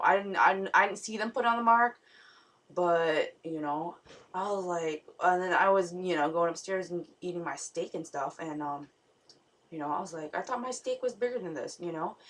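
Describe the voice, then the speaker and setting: A woman's voice: lowish voice, a bit bright. A young woman vlogger rambling through a dream story, full of fillers and restarts. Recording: voice somewhat far from the mic.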